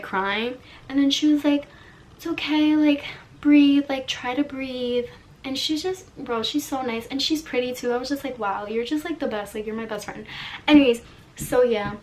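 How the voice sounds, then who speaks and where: A woman's voice: on the high side, slight background noise. A young adult woman telling a personal story in a casual, rambling vlog style, filling her speech with "like". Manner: chatty, filler-heavy, rambling. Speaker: vlogger.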